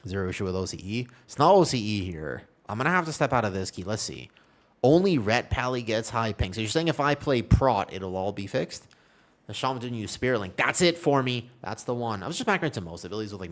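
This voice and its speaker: Chatty, joking young man. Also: fairly low pitch. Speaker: streamer. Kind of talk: casual gaming chat.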